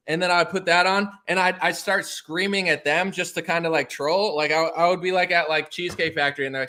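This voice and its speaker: Man, podcast guest, rambling, filler-heavy, bright tense tone. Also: on the high side, steady tone, fairly quick, hardly any pauses. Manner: rambling, lots of filler likes. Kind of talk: casual chat.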